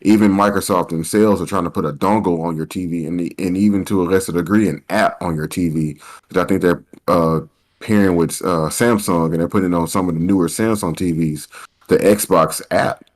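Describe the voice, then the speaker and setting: Male podcast co-host, deep voice, halting delivery with repeated words. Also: fairly even intonation. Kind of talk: casual podcast chat.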